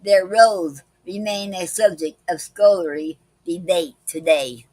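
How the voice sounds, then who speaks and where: With a lowish voice and dark tone, a woman hosts a poetry club live stream, carefully and slowly reading poems and explaining a poetic form and a word of the day. She says "okay" frequently between parts. There's no room sound, and the audio is poor.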